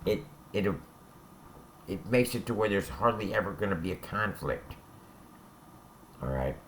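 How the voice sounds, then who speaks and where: A lowish male voice swings up and down a lot as he tells hard stories about life behind bars. He talks bluntly and curses freely, and he keeps tagging his points with "all right?" The delivery is casual and conversational. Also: lively intonation, measured pace, a little hiss or hum. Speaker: former prisoner telling stories. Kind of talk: casual spoken storytelling.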